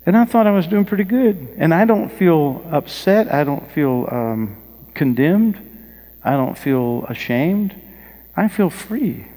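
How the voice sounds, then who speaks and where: A man's voice: a little high, animated, a little slow, warm tone. A male pastor preaching a sermon, telling personal stories with rising emphasis and asking the congregation questions. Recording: long reverb of a large hall.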